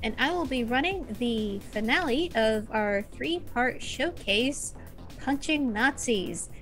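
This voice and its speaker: Woman game storyteller, higher voice, chatty wrap-up with lots of "uh"s. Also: lively intonation, unhurried, fairly bright tone, faint music behind. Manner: chatty, with frequent "uh" fillers. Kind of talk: casual sign-off of a streamed tabletop game.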